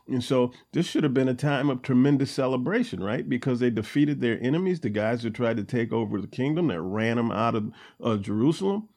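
A man hosting a Bible study podcast, reading scripture aloud and then commenting on it in a relaxed, conversational way with frequent fillers. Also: mid-range voice, brisk, few pauses.

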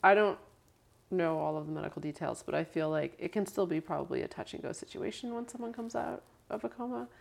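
Woman, interviewer, low voice, gravelly, reflective, gentle questions. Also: fast talker. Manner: reflective, gently sums up what the guest shares.

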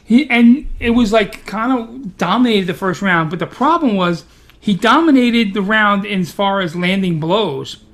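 Animated opinionated man talking fights. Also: sits high, moderate pace. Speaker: podcast co-host. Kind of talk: casual sports chat.

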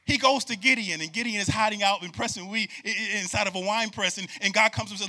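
A man preaching a sermon, moving from quiet talk to shouted, repetitive calls to the congregation. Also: high-pitched, quick pace, few pauses. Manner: builds from quiet to shouting, repeats words.

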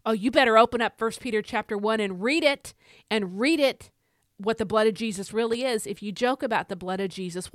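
Middle-aged woman preaching hard on her podcast, fired-up and emphatic, slightly high voice, dry close mic. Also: a little fast, no echo. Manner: emphatic, preacherly, rising to shouts. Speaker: podcast host. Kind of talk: fiery devotional exhortation.

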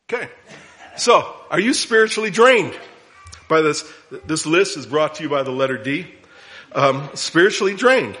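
A middle-aged man preaching a sermon in a conversational teaching manner, with humor and lively swings of emphasis. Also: on the high side, moderate pace, slight background noise. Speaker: pastor.

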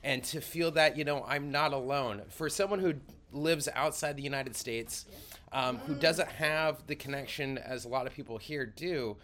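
A man, an ADHD coach, giving an earnest, sincere reflection in a casual talk, halting now and then. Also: medium pitch, a bit bright. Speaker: ADHD coach and conference guest.

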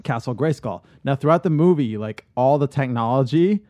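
A man's voice: mid-range voice, expressive, moderate pace, mellow, dry recording. Rambling casual man on a dry mic. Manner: rambling, many fillers and restarts. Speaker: podcast co-host pitching a movie idea. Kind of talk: casual podcast chat.

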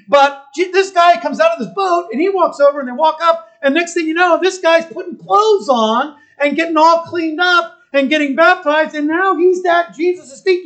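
A pastor preaching a sermon. The pastor tells the story in an animated way, often checking in with listeners and restarting phrases while thinking aloud. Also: high voice, normal speed. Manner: animated storytelling, keeps asking listeners "right?".

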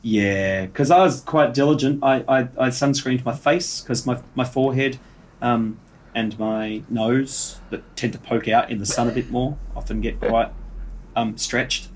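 A man co-hosting a casual podcast chat, telling a rambling anecdote with halting restarts. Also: medium pitch, slight background noise. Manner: rambling storyteller, halting restarts, bursts of laughter. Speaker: podcast co-host.

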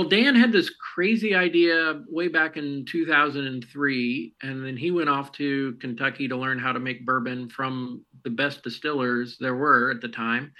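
A man's voice: medium pitch, sharp tone, poor audio. Friendly man telling stories as a guest. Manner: friendly, storytelling, hesitant fillers. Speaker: guest, marketing head of a distillery. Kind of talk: casual interview answers.

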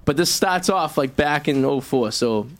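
A man hosting a radio comedy show, casually directing the others through a sketch he wrote, in a hurried way. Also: a little high, lively intonation, a little hiss or hum. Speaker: host and sketch writer.

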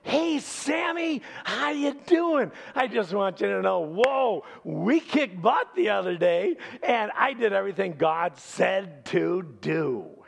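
A man doing a cocky cheerful king who shouts his greeting in a raised, excited voice. The voice has a gravelly, husky edge and swings widely in pitch. The king sounds pleased with himself. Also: slow, hardly any pauses, long reverb tail, heavily acted. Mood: boastful, breezy. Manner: loud, jovial, high and excited. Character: cheerful boastful male king, breezy and self-satisfied.

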